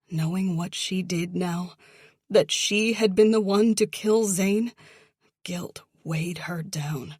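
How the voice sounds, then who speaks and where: A woman narrating a thriller audiobook in a slow, measured, somber manner, close to the mic. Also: lowish voice, darkish tone, breathy edge, no room sound. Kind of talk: scripted narration.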